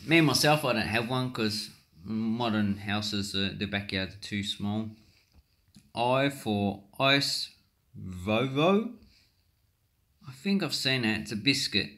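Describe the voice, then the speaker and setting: A man's voice: on the low side, moderate pace, a bit bright. An Australian man giving rambling, chatty commentary over a screen recording, with frequent ums and self-corrections. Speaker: coin collecting YouTuber.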